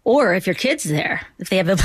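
A woman comedian from Duluth in an interview, talking in a halting way with many restarts and asides. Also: medium pitch, very animated, slightly rough, no room sound. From Duluth, Minnesota. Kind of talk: interview conversation.

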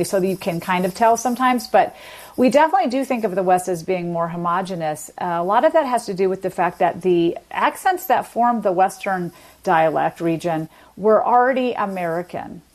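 A woman speaking as an expert guest in an interview, explaining how regional accents form. She is articulate and methodical, laying out each point with examples in a voice of ordinary pitch. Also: darkish tone. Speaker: linguist guest.

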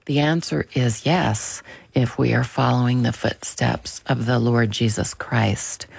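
Slow, husky, creaky-voiced male reader. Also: medium pitch, no room sound. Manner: slow, gentle, deliberate reading. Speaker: radio book reader. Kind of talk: scripted Christian book reading.

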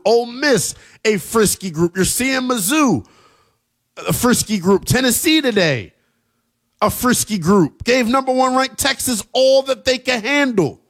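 A man hosting a late-night college football radio show, talking in an animated, emphatic way with plenty of slang. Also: sits high. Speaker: sports radio host.

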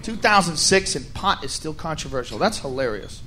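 A man doing a stand-up comedy set, ranting loudly and profanely in a rowdy manner. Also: a little high, expressive, moderate pace. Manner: rowdy, profane, shouting rants. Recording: live club with crowd and noise.

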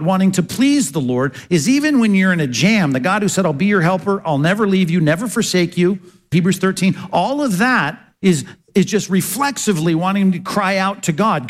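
Male pastor, slightly high voice, earnest sermon delivery, asks and answers his own questions. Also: lively intonation, moderate pace.

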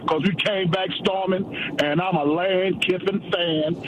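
A male caller on a sports radio call-in line, talking in an animated, slangy way and laughing often. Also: high-pitched, unhurried, background noise. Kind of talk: excited call-in chat.

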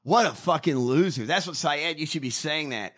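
A man's voice: on the high side, moderate pace, fairly bright tone. A man in casual political podcast chat, mocking and ranting with lots of swearing. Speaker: podcast co-host.

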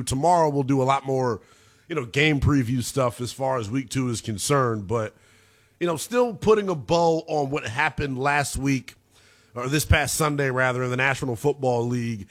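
A man hosting a late-night sports talk radio show, breaking down football stats in a lively, analytical way. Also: mid-range voice. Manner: animated, analytical, talks through stats.

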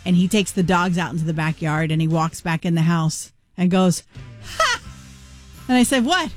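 A woman co-hosting a radio show, telling a story with lively acted-out dialogue. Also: lowish voice, fairly quick, soft background music. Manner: animated storyteller acting out both sides of a conversation. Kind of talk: casual radio chat.

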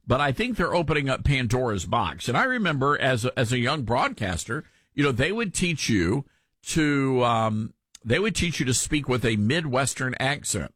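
A man's voice: medium pitch, very animated, moderate pace, a bit bright, breathy edge, dry recording, studio quality. A man from Tennessee with a mild Southern accent, hosting a talk radio show in a folksy, opinionated way.

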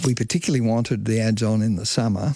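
A man's voice: fairly low pitch, fast talker, creaky. An older man telling the story of a public health campaign in a chatty way, laughing now and then. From Australia. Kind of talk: recalled storytelling in a radio documentary.

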